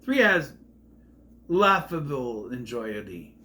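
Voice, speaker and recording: A man's voice: medium pitch, sing-song, a little slow, sharp tone, slight background noise. Rambling opinionated man reviewing a series. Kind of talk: casual review vlog.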